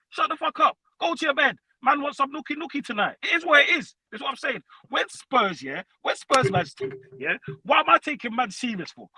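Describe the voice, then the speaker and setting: A man calling in to a fan show, trash-talking loudly and profanely, peppering every line with tags like "you know what I'm saying". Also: very high-pitched, slightly rough, dry recording, low-quality recording. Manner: loud, profane trash talk with constant tags. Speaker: caller. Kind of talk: heated fan call-in rant.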